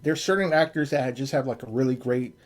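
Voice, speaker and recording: A man's voice: mid-range voice, fast talker. A man co-hosting a podcast in casual chat, loose and chatty, swearing casually. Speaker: podcast co-host.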